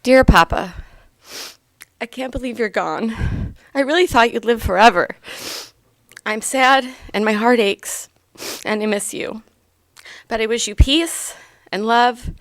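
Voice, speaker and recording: A woman in her thirties reading a eulogy for her grandfather aloud, heartfelt and gently humorous. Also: a little high, measured pace, pauses often, dry recording.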